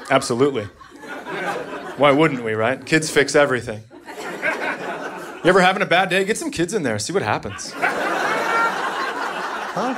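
On a club stage, a man in his thirties performs stand-up with a deadpan, exasperated delivery, breaking into shrill voices to imitate his family. He talks at a normal speed with long pauses into a handheld mic, and the live recording picks up a loud audience, laughter, and room noise.

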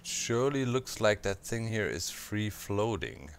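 Deep, slow-talking man playing a game. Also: lively intonation, gravelly, clear, resonant tone. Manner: chatty, thinking aloud, sound effects. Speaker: gameplay channel host. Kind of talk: casual let's-play commentary.

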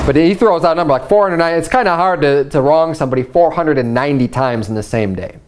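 A man's voice: fairly high pitch, fast talker, a little hiss or hum. A man pastor giving a sermon, reading scripture aloud and retelling it in casual everyday speech. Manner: conversational preaching, paraphrasing scripture in everyday speech; reads scripture aloud in archaic wording.

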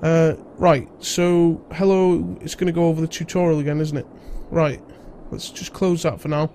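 A man's voice: on the high side, little pitch movement, moderate pace, gravelly, mellow, slight background noise. A young man with a stuffy nose from a cold, chatting casually as host of a game let's-play. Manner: chatty, rambling, British-sounding slang. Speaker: gaming video host.

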